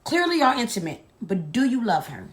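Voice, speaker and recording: A woman chatting casually to her viewers, retelling a story in an animated, sassy way. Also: fairly high pitch, a little hiss or hum. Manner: animated, sassy, drawn-out dramatic retelling with asides like "baby". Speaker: storyteller vlogger.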